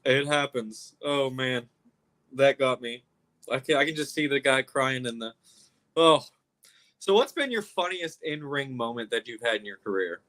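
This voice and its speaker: A man's voice: mid-range voice, lively intonation, moderate pace, fairly bright tone. A man hosting a casual interview in an easygoing way, laughing along with his guest. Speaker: host.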